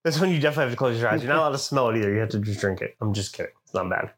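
A man with a Southern US accent, a podcast co-host telling crude, animated stories in casual banter over drinks. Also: mid-range voice, rapid-fire, a little hiss or hum.

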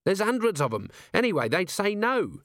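A man's voice: high voice, very animated, normal speed, a bit bright, dry recording, clean studio sound, pitched above the performer's own voice, exaggerated voice. A man voicing a scruffy, cheeky young city watchman with whiny, streetwise, common speech. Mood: grumbling.

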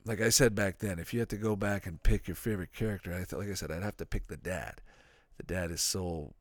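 A man's voice: sits low, fairly quick, dry recording. A man hosting a podcast, chatting casually and rambling, with frequent swearing. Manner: profane, rambling, animated. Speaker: podcast host reviewing a sitcom.

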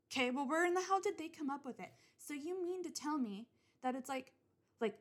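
Young woman, solo podcast host, rambling and swearing, restarts constantly, voice a touch high. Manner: rambling, swears often, many restarts and fillers. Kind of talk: casual solo podcast rant.

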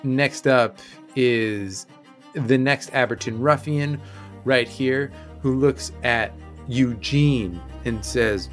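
Relaxed male game master. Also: medium pitch, slow, soft background music. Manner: relaxed, matter-of-fact rulings. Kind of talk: running a tabletop game.

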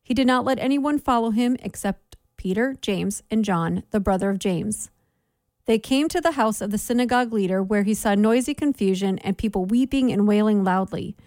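A woman giving a measured Bible reading for a daily reading plan, with clear, steady delivery. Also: medium pitch, dry recording, studio quality. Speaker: scripture reader.

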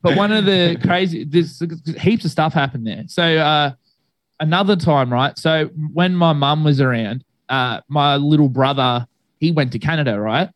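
A man's voice: fairly high pitch, moderate pace, no room sound. Laid-back young man rambling. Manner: rambling, laid-back storytelling with many fillers. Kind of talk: casual chat.

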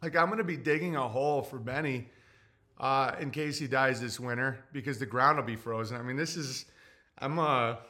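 A man in his forties, hosting a livestream, talking in a halting, emotional way, tearful, with many fillers and blunt profanity. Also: mid-range voice, sharp tone. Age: 40s. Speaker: livestream host. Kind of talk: casual livestream talk reading chat.

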